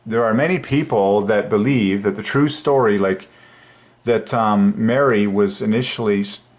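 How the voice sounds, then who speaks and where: A man hosting his own channel, musing aloud at his computer in an enthusiastic, halting way with many fillers. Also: on the low side. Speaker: channel host. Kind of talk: religious numerology screen talk.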